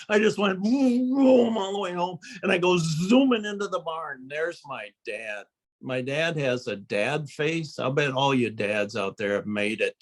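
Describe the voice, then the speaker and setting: An older man telling a humorous folksy story, acting out quotes and sound effects with animated delivery. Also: mid-range voice. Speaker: storyteller and birder.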